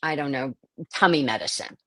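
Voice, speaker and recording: Low-pitched woman voice actor, interview chat, dry close sound, lots of ums. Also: fairly quick, no room sound. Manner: thoughtful, searching, many fillers and restarts. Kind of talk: interview conversation.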